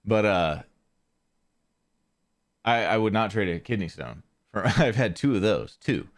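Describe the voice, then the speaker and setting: A man's voice: on the low side, expressive, unhurried. A man hosting a podcast, telling a story in a casual, rambling way with lots of fillers and restarts. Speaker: podcast host.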